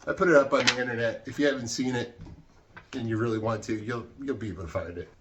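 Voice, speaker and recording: A man's voice: mid-range voice, fast. Man, rambling self-mocking vlog talk, curses when riled, cluttered room indoors, faint background noise. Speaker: vlogger. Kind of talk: casual rambling vlog while decluttering.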